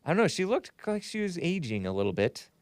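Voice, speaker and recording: A man's voice: high-pitched, sing-song, quick pace, no echo, clean studio sound. A male show host giving rambling, sarcastic commentary, chuckling between remarks as he reads from a chat.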